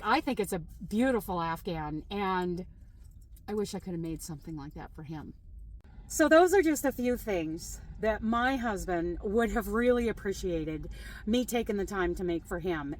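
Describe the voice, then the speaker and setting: A woman's voice: mid-range voice, lively intonation, normal speed, low-quality recording. A middle-aged woman chatting casually to her viewers as a crochet vlogger, laughing often as she tells stories. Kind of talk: casual chat to camera.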